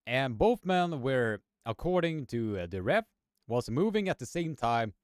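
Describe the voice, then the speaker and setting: A young man calls arm wrestling matches live in a slow, unhurried way. His voice sounds smooth and clear, recorded close and dry with no room sound. He stumbles through fillers and restarts and goes higher when the pulls get intense. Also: sing-song, no echo. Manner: halting, many fillers and restarts, rises in pitch on the action. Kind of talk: live sports commentary with chat.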